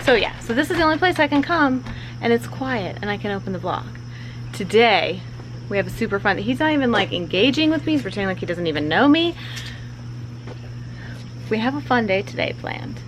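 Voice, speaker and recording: A woman's voice: fairly high pitch, animated, a little fast. Casual mom vlogger, thirties, easygoing porch chatter, a little hiss behind her. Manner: chatty, laughing asides. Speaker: vlogger, mother. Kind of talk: casual vlog chat. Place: outdoors on a front porch.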